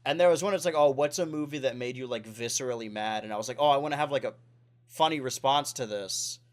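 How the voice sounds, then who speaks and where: A man's voice: medium pitch, quick pace. A man in his twenties hosting a casual podcast, rambling and correcting himself, with lots of "like". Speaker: podcast host.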